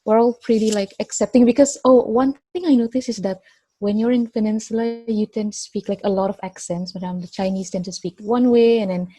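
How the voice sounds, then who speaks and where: A young woman with a Sabahan Malaysian English accent speaks in a casual interview, pausing and restarting as she searches for words. Her voice is warm and mellow, recorded close and dry. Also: mid-range voice, steady tone, dry recording. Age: 20s. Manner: hesitant, many restarts and fillers. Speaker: interview guest, engineer.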